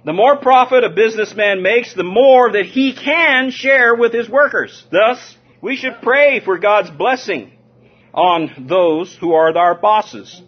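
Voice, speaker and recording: A high-voiced man from Southern California preaches with lively energy, calling out to the congregation and chuckling as he goes. The recording sounds dull and lo-fi, with the top end rolled off. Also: takes it slowly. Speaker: pastor. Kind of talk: sermon.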